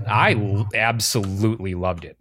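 A man with a slightly low voice in loose, casual chat. He is blunt and excitable, swearing freely as he riffs with his co-hosts. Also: normal speed, a little hiss or hum.

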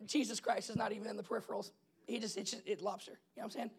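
A young adult man preaching a casual, story-driven sermon as pastor, animated and conversational, laughing often and checking in with the congregation. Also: high-pitched, rapid-fire, husky. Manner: animated, conversational, laughs often, asks "you know what I'm saying?".

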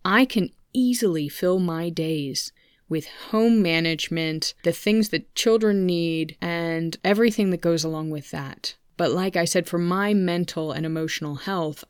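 A woman in her thirties hosts her own personal podcast, speaking candidly and tossing asides to her listeners. Her voice sits low with a clear, resonant tone. She's recorded on a studio microphone at a home computer, dry and studio quality.

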